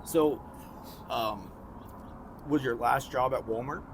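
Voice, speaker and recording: A man interviewing someone on the street, asking relaxed, slangy questions. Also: medium pitch, takes it slowly. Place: outdoors by a street with traffic. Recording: outdoor street noise and traffic.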